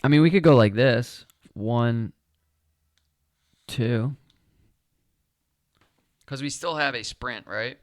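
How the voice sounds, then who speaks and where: A man streaming a solo board game playthrough, thinking aloud, counting his moves and asking viewers what they think in a relaxed, casual way that includes the odd swear. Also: mid-range voice, slow pace, long pauses, dry recording, clean studio sound.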